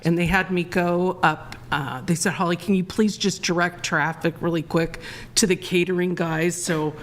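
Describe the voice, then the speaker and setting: A woman guest on a live talk show, telling a long story in an excitable, rambling way, restarting her sentences. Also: lowish voice, moderate pace.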